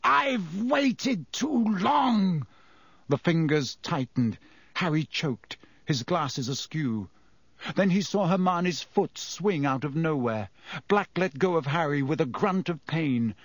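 A man reading a story aloud in measured scripted narration. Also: fairly high pitch, expressive, no room sound. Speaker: audiobook narrator.

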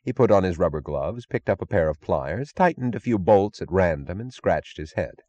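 A man narrating an audiobook in an expressive, dramatic reading. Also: low voice, moderate pace, no echo, muffled recording.

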